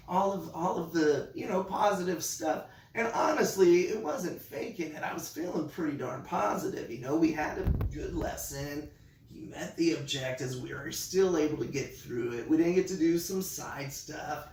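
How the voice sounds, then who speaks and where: A man who teaches online, telling a story in a casual vlog with animated delivery. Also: a little high, moderate pace, reverberant, far from the mic, slight background noise. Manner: animated, acts out his classroom voice.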